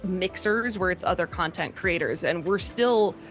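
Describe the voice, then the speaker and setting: A woman's voice: lowish voice, moderate pace, soft background music. Chatty woman from the Chicago area. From Chicago area, USA. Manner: chatty, lots of "like". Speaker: guest, voice actor. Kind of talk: casual podcast chat.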